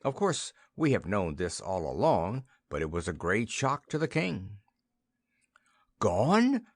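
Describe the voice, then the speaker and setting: A man reading a children's fantasy story aloud for English learners, with a lively, expressive delivery. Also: low voice, normal speed, no room sound, clean studio sound. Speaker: narrator.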